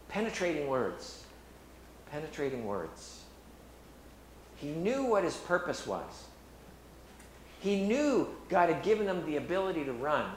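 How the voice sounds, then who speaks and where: A middle-aged man giving a sermon in an earnest, halting way, often restarting his phrases. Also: fairly high pitch, big pitch swings, slight background noise. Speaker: preacher. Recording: echoey room with faint ambience.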